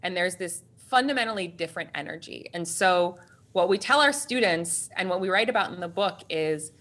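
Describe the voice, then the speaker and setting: A woman in her thirties, an executive coach, telling a story with lively, laughing energy in an interview. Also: fairly low pitch.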